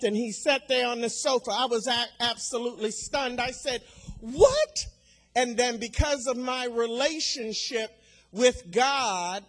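Older woman preacher, very unhurried delivery, builds to loud repeated declarations. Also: a little high. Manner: slow and deliberate, swelling to loud emphatic declarations; repeats key phrases for emphasis. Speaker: speaker at a women's church gathering. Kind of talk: sermon testimony.

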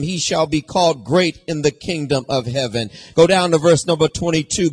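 A man's voice: a little high, brisk, hardly any pauses, husky. A male pastor with a slight US West Coast accent, preaching a sermon with call-and-response and building intensity.

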